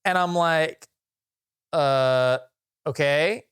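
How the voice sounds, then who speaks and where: A man's voice: on the high side, extremely slow, fairly bright tone, clean tone. A young man co-hosting a podcast, telling a work story in a rambling way with many fillers and restarts. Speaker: podcast co-host. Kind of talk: casual storytelling chat.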